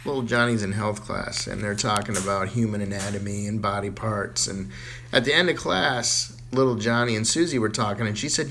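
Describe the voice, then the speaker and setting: A man tells jokes in a loose, casual way. His setups are relaxed and conversational, with the odd filler as he goes. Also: on the low side, a little fast, creaky, a little hiss or hum. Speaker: joke teller. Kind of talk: casual joke telling.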